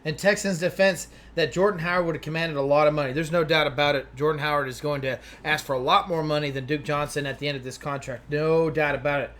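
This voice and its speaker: A man's voice: fairly high pitch, steady tone, quick pace, hardly any pauses, fairly bright tone. Male co-host reading viewer comments. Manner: reads comments, chatty and agreeable. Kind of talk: casual sports chat.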